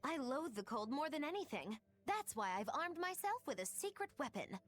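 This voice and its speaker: A woman's voice: high-pitched, sing-song, moderate pace. A woman voicing a mischievous, theatrical young witch in a video game, playful and teasing. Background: faint game music.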